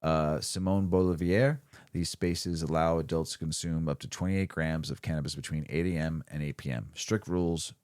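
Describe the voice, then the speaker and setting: Very deep-voiced laid-back man. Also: fairly even intonation, normal speed, a little mellow, clean tone, no echo, studio quality. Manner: laid-back, laughs often, stumbles on foreign words. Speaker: podcast co-host. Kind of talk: casual chat and reading cannabis news.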